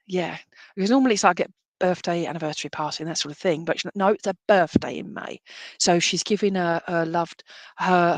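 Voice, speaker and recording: A woman medium gives a live-streamed reading in a slightly low voice. She talks in a chatty, affectionate way, calling people "my lovely", and she often rambles and restarts. The sound is dry and close to the mic. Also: dry recording. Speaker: spiritualist medium.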